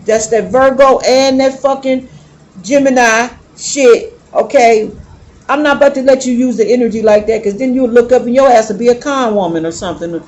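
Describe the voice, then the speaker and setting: A woman's voice: fairly high pitch, moderate pace, darkish tone. Woman, tarot reader, casual monologue, blunt, emphatic, profane.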